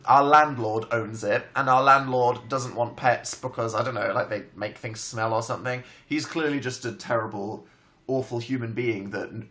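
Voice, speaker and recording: A young Englishman hosting a livestream from home, telling stories in an animated, self-mocking and dramatic way. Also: mid-range voice. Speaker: livestream host. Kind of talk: casual storytelling chat. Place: home, indoors.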